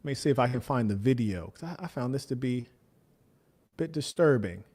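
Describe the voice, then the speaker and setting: A man's voice: medium pitch, animated, a little fast, darkish tone. A man streaming casual reaction commentary, joking and mocking as he talks over video clips.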